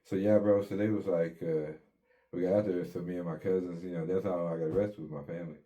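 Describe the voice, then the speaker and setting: On dull audio, a man with a deep, mellow voice and steady tone speaks quickly about his life in a casual storytelling interview. He uses laid-back street slang, curses frequently, and acts out what people said.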